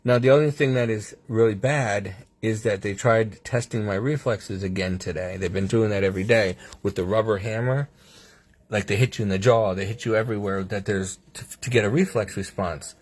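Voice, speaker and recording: A man's voice: lowish voice, normal speed. A man in a hospital room, telling a casual video diary about his treatment, wry and sarcastic, acting out the doctors' lines and his own replies, laughing between remarks. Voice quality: husky. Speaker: patient sharing a hospital update.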